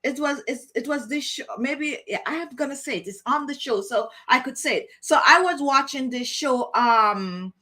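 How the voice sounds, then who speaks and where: Her voice high, pushed and bright, the beauty channel host chats directly with her audience at normal speed, barely pausing and circling back to say things again.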